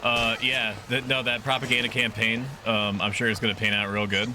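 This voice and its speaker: A man's voice: medium pitch, flat delivery, fairly quick, background noise. A man streaming a video game with casual commentary, chatty and crude.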